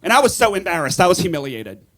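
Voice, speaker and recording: A man doing a stand-up comedy set on a club stage, animated and shouting his punchlines, recorded live through a stage mic with audience noise. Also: sits high, quick pace.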